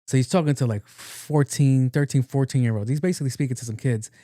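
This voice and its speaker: A man's voice: medium pitch, fast, mellow, no room sound, clean studio sound. A man hosting a podcast, retelling a story in a loose, slangy, profane way. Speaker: podcast host. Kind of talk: casual film recap storytelling.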